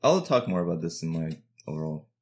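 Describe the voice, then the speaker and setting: A man co-hosts a casual podcast chat in a soft-spoken, hesitant way. He trails off often and laughs at himself. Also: sits low, very animated, fairly quick. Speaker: podcast co-host.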